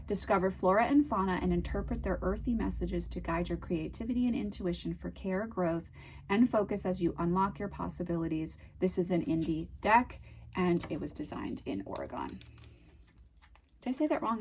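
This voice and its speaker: A woman with a New England accent chatting casually through an unboxing, gushing and dreamy, often trailing off into soft murmurs. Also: lowish voice, lively intonation, moderate pace, slight background noise. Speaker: tarot video host.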